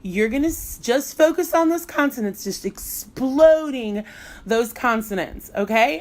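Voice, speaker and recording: A woman's voice: a little high, normal speed, darkish tone, slight background noise. Chatty, playful middle-aged woman teacher. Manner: chatty and playful, laughs often. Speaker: music teacher and blogger. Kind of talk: casual live online teaching demo.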